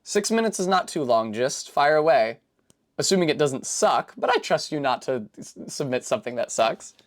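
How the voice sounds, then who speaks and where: A woman's voice: low voice, animated, normal speed. A young woman from Rhode Island, chatting casually on a live stream, rambling, swearing freely and poking fun at herself while answering chat. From Rhode Island, USA. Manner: rambling, profane, self-deprecating; reads out and answers chat messages.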